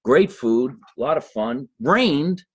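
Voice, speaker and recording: A man's voice: medium pitch, slow pace, husky, no room sound. A man hosting a casual live chat show as a comedian, joking and laughing with viewers. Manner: laughs often, animated banter with viewers. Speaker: comedian host.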